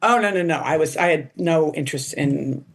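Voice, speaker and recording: Chatty woman telling animated stories. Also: low-pitched, normal speed, slightly rough. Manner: animated, quotes people in put-on voices, lots of "like". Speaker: podcast guest. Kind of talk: casual storytelling interview.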